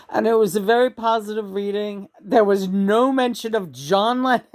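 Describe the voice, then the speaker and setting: A woman's voice: on the high side, moderate pace, darkish tone. Woman vlogger, casual storyteller, emotional and laughing. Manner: chatty and emotional, laughs often, many restarts. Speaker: channel and vlogger.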